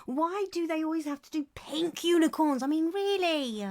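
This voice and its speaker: A woman's voice: sits high, normal speed. A woman co-hosting a casual chat show, dry and matter-of-fact. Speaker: co-host.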